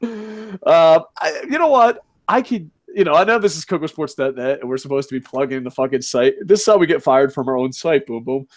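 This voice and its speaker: A man co-hosting a wrestling podcast, talking in a profane, rambling, excitable way. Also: a little high, a little fast. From United States. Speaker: podcast co-host. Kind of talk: casual wrestling chat.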